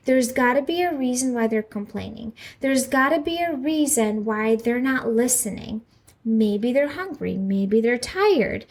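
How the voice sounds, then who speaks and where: A woman in her thirties talks through a solo parenting podcast in a slightly high voice. She speaks earnestly and reassuringly, often turning to the listener with questions. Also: a little mellow, husky. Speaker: podcast host, mother.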